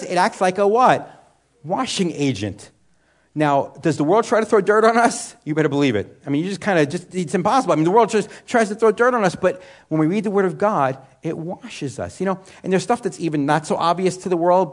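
A man preaching in a relaxed, chatty sermon style, his voice sitting a little high. He often asks the listeners something and then answers it himself, with plenty of "you know" along the way. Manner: asks rhetorical questions and answers them himself; conversational, with frequent "you know" and restarts. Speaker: Bible teacher. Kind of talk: sermon teaching.

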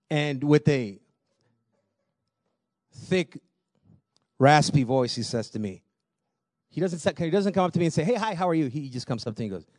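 A man preaching a sermon, telling personal stories in a lively way, laughing often and repeating words as he goes. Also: medium pitch, no echo, studio quality. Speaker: pastor.

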